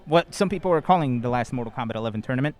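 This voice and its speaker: A man's voice: mid-range voice, very fast. A man hosting a live fighting-game show from a convention floor, joking and a bit out of breath. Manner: energetic, joking, says he is out of breath. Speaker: host. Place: large indoor convention hall floor.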